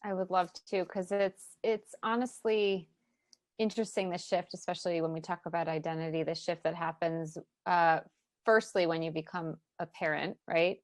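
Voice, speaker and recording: A woman business coach talks as a podcast guest, excited and heartfelt. Her voice sits a little low and sounds dry and close to the mic, with no room echo. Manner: excited and heartfelt, quick to get emotional. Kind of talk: casual interview chat.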